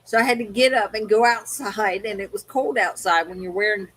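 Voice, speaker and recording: A woman's voice: mid-range voice, a little fast, a bit bright, low-quality recording. A woman from Maryland co-hosting a livestream, telling stories in casual chat and laughing often. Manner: chatty storyteller, laughs often. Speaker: livestream co-host.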